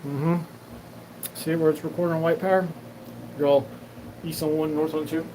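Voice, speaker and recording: A man's voice: fairly high pitch, level tone, moderate pace. Rambling man over background noise. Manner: profane, meandering, acts out quoted dialogue. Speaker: show host. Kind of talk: rambling solo monologue.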